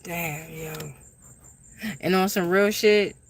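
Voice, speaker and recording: A woman's voice: lowish voice, steady tone, takes it slowly, noisy background. A woman who reads tarot, hosting a casual livestream and reading out viewer comments in loose, slangy, frank talk with frequent swearing. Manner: reacts to chat and shouts out viewers by name.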